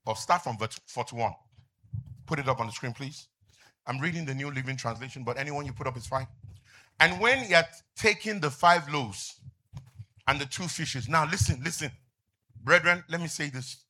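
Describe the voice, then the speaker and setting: A middle-aged man preaching a sermon as pastor, asking the congregation to finish his lines and rising to shouts. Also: on the high side, normal speed. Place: church with outdoor canopy seating.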